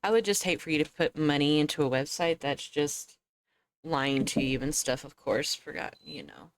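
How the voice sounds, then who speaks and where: Woman, young adult, casual gaming stream chat, laughs a lot, slightly low pitch, dry sound. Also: lively intonation, moderate pace, no room sound. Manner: chatty, laughs often, talks to chat and to herself. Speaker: game streamer.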